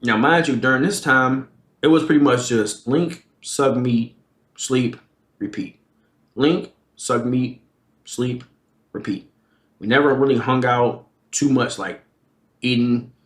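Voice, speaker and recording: A man's voice: mid-range voice, slow, long pauses. A young man live streaming, telling a profane storytime in a casual, slangy way with lots of swearing. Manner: animated, slangy, swears a lot. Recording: roomy echo.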